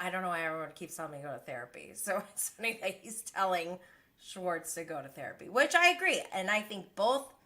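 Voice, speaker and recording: A young woman with a mid-range, slightly bright voice hosts a casual reality TV recap livestream, chatting and gossiping and laughing often.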